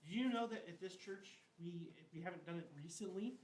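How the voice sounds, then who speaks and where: A man's voice: sits high, brisk. Chatty man teaching in an echoey room. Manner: loose and chatty, heavy use of "like" and slang. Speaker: confirmation class teacher. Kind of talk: casual retelling of Bible stories to teens. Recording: echoey room, mic at a distance, faint hiss.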